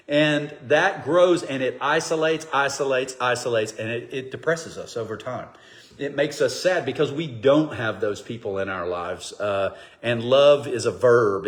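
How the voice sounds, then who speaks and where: A man teaching a Bible study, speaking conversationally and telling stories, acting out voices. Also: medium pitch. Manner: conversational, animated storytelling with acted quotes. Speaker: pastor. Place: church, streamed online.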